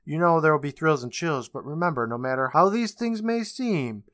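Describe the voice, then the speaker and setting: Brief: a sinister carnival ringmaster, played by a man, booming slow proclamations with a bright edge. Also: lively intonation, no echo, clean studio sound. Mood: grandly menacing. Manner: grand showman proclamations, slow and drawn out.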